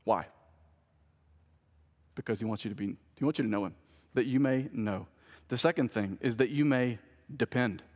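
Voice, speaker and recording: A man, a pastor, delivering an animated sermon and asking the congregation rhetorical questions. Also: mid-range voice, moderate pace, pauses often, big-room sound.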